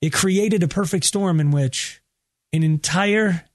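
Radio host guy, high voice, animated and laughy, tells stories and does little voices. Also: slow pace. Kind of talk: casual radio banter, storytelling.

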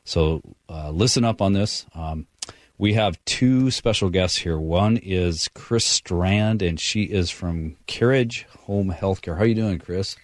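A man's voice: deep voice, slow pace, no echo, studio quality. A man hosting a radio talk show in a casual, folksy way, with many fillers and direct address to listeners.

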